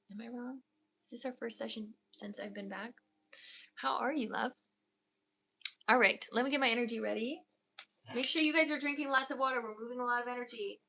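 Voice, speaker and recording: A woman with a fairly high, bright voice leads an energy healing session on a livestream. She guides listeners slowly and softly through the body, then chats affectionately with viewers. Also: creaky. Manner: soft, slow guided meditation delivery; effusive, affectionate chat with viewers.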